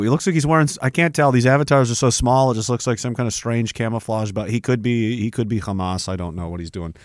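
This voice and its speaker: A man with a mid-range voice hosts a livestream from home, rambling loosely, swearing often, and cutting himself off mid-sentence to read the chat. The recording is studio quality with no echo.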